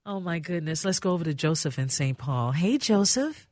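A woman's voice: lowish voice, big pitch swings, moderate pace, a little mellow, no room sound. An older woman hosting a call-in radio show, affectionate with callers and calling them honey. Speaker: radio host. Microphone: studio mic.

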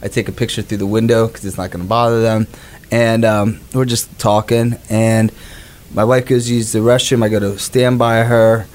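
A man's voice: lowish voice, little pitch movement, moderate pace, darkish tone. A man with the flu, sucking a cough drop, telling a rambling anecdote on a podcast as a reporter, slipping in quoted asides. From Florida Gulf Coast. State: sick with flu. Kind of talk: casual podcast storytelling.

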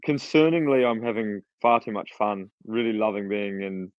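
A young man, a podcast co-host chatting casually and telling stories in an animated way, swearing freely. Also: lowish voice, moderate pace, no room sound, lo-fi sound. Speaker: podcast co-host, pro cyclist. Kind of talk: casual chat.

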